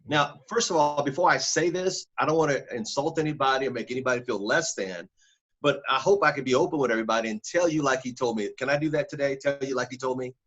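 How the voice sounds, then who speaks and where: Husky-voiced man telling his story. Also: medium pitch, fast talker, fairly bright tone. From Northern California. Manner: emphatic, repeats words for stress. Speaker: podcast guest. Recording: dull lo-fi audio.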